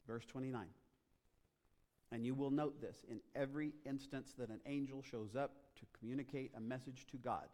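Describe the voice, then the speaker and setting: A male pastor delivers a sermon with a mid-range voice, building to loud, emphatic stretches. The sound carries the long reverb of a large church auditorium, and he talks straight to his congregation. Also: medium pitch, fairly even intonation, normal speed. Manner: dramatic, rising to loud emphatic passages.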